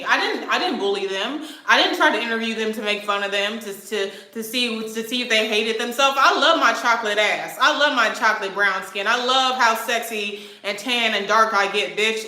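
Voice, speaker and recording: A woman in her twenties vents on her vlog, brash, profane and defiant as she answers comments. Her voice sits a little high and comes across tense and cutting. The room around her rings with echo. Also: pushed and bright. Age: 20s. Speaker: vlogger answering viewer comments. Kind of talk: heated livestream rant. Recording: echoey room.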